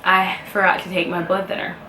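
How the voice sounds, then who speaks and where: A woman speaking to camera in a personal vlog, emotional and heartfelt, pausing often as she talks. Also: on the low side, flat delivery, pushed and bright. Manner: emotional, heartfelt, halting with pauses. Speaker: vlogger. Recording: echoey room with faint ambient noise.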